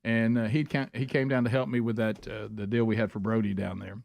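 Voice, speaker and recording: A man, hosting a radio talk show and telling stories with lively quoted dialogue. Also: fairly low pitch, brisk, vocal fry, dry recording. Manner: animated storyteller, acts out quotes. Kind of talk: casual radio banter and storytelling.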